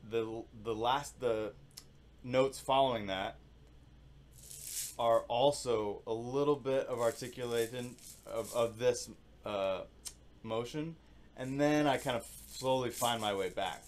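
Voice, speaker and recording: A man teaching percussion in a casual, relaxed way, thinking aloud and singing rhythms with syllables. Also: mid-range voice, slow, slight background noise. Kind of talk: casual instructional demonstration.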